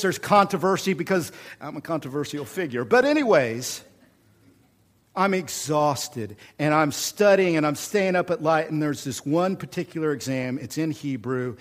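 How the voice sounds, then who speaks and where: A middle-aged pastor from Oklahoma with an Oklahoma accent, preaching a folksy, animated sermon full of humor and repetition. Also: male voice, on the high side.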